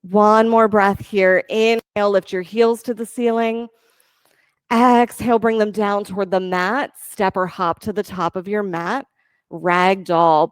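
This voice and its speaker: A woman yoga teacher leading a class, giving calm, encouraging step-by-step cues for breath and poses. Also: mid-range voice, smooth, dry recording. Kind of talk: guided yoga class instruction.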